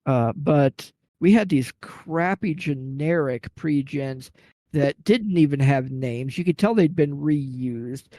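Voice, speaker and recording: Casting: man, rambling and animated, relaxed podcast storyteller, slightly high voice, dry close sound. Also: slow, no room sound. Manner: rambling, animated anecdote with acted-out quotes. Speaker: podcast guest telling a gaming story. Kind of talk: casual storytelling chat.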